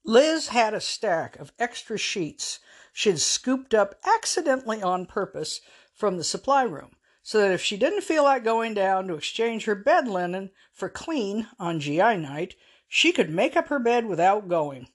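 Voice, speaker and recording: A woman's voice: mid-range voice, very animated, a little slow. A woman author reading her own story aloud in a storytelling voice, wry, with dry asides. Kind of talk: storytelling narration.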